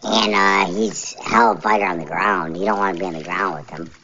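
A man's voice: low voice, fairly even intonation, fairly quick, bright, forceful tone, a little hiss or hum. A man ranting alone on his podcast, rambling and irritated, repeating his phrases. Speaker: podcast host. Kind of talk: solo podcast rant. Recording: dull lo-fi recording.

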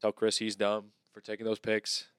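A man's voice: fairly low pitch, completely flat delivery, normal speed, clean tone, dry recording, clean studio sound. Easygoing man signing off a podcast. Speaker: podcast co-host. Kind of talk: casual podcast sign-off.

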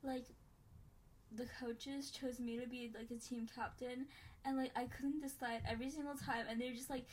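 A woman's voice: high voice, steady tone, normal speed. A young American woman co-hosting a podcast, bantering playfully and teasing her friend in casual slang. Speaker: podcast co-host. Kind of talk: casual chat.

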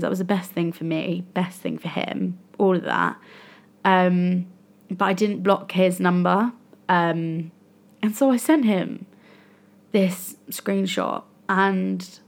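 A woman's voice: on the low side, gravelly. A young woman hosting a solo podcast, venting frankly and with frustration about her own choices. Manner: frustrated, venting, self-critical. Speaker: podcast host. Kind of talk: candid solo podcast monologue.

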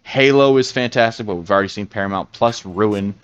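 Guy cohosting a chat podcast, lowish voice, rambles and restarts a lot, dry kinda dull audio. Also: brisk, smooth, dry recording. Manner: rambling, many restarts and fillers. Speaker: podcast co-host. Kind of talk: casual chat.

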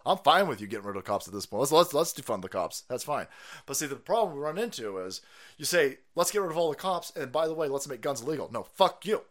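A man's voice: fairly high pitch, a bit bright. A man ranting on a live stream, sarcastic and profane, who often laughs at his own jokes. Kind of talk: profane political rant.

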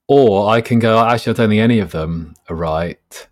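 Author guest, lowish voice, relaxed and explanatory. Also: male voice, fairly quick. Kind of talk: casual conversational interview.

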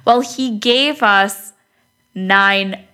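Young girl rambling a story on a podcast, bright tone, lots of cussing. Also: medium pitch, drawn-out words. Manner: animated storyteller, swears freely. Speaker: podcast co-host. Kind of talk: casual chat.

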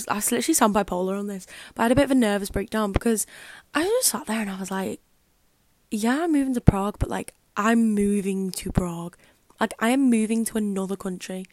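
In this echo-free clip, a young woman with a mid-range voice hosts her podcast alone. She chats casually and rambles, scattering "like" and "um" throughout.

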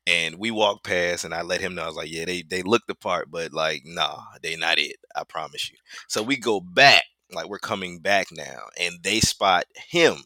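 A man co-hosting a podcast, telling an animated story with laughter and mimicking other people's voices. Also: sits low, normal speed, no room sound. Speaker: podcast co-host. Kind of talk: casual storytelling chat.

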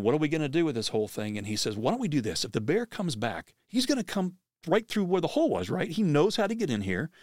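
A man hosting a podcast, telling a story in an animated way, acting out the quoted speech of the people in it. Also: mid-range voice, no echo, studio quality.

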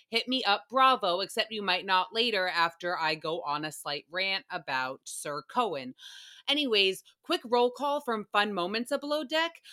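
A woman's voice: medium pitch, pushed and bright. A young woman hosting a casual solo podcast, gushing and giggling as she swears freely through a recap. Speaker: podcast host.

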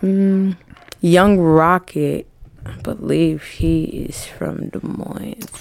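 A woman's voice: fairly low pitch, very slow, gravelly, a little mellow, dry recording. A woman who manages and promotes music artists, talking bluntly and jokingly with slang in a casual studio podcast interview.

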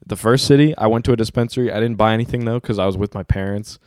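A man's voice: on the low side, rapid-fire, a little mellow, no echo, clean studio sound. A young man hosting a casual podcast chat, telling a long story in a loose, slangy way with a lot of swearing. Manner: laid-back storytelling with heavy slang and swearing. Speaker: podcast host.

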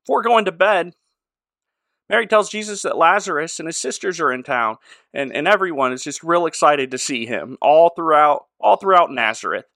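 A man's voice: fairly high pitch, lively intonation, moderate pace, gravelly, sharp tone, no room sound, clean studio sound. A man co-hosting a podcast, recapping a show in casual chat and joking around. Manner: jokey, acts out characters in exaggerated voices. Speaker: podcast co-host.

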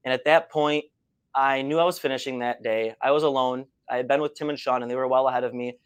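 A man hosting an interview, asking friendly questions and telling his own race story in a relaxed way. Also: medium pitch, fast, clear, resonant tone. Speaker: podcast host, runner. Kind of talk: casual conversational interview.

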